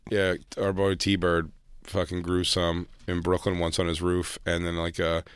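A man's voice: low voice, monotone, unhurried, clear, resonant tone, dry recording. A man co-hosting a radio show in a studio, talking casually and cracking blunt, profane jokes. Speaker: podcast co-host. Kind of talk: casual comedic chat.

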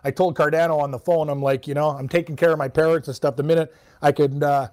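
A man's voice: fairly high pitch, steady tone, quick pace, a little mellow. A man co-hosting a sports radio show, chatting casually about hockey and laughing often. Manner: chatty, laughs often, does voices of his mom.

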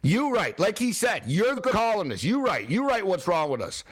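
A sports talk host with a high-pitched voice speaks bluntly and heatedly. He circles back over the same points as he argues, in a loose, casual style. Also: normal speed, slightly rough. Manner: blunt, animated, repeats himself.

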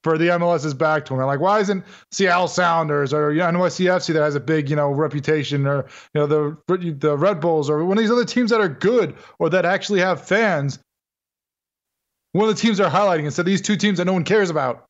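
Brief: male co-host, somewhat high voice, casual rant, muffled sound. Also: brisk. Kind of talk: casual sports talk.

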